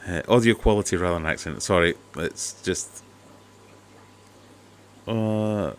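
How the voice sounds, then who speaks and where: A man's voice: low-pitched, unhurried, clear, resonant tone. A man hosting a casual aquarium livestream, chatty and skeptical, talking over a cheap microphone at home. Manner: chatty, skeptical, jokey asides. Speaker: aquarium channel host. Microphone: cheap desk mic.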